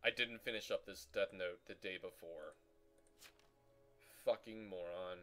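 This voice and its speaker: A young man swearing and ranting furiously as he comments on his own gameplay, breaking into shouted insults. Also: low voice, a little slow, soft background music. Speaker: gaming channel host.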